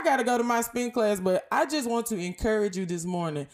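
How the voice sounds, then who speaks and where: A young woman talks to her listeners like friends, casual and lively. She swings between calm stretches and sudden bursts of preachy excitement. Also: a little high, a little fast, hardly any pauses. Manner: lively, animated, preachy and conversational. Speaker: podcast host. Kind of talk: casual faith talk.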